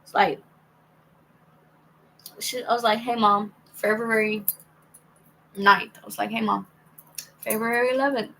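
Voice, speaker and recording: A woman's voice: a little high, steady tone, a little slow, vocal fry, long pauses, fairly bright tone, slight background noise, poor audio. A young woman telling a rambling, casual story to her viewers, reading out old text messages with many restarts. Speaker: vlogger.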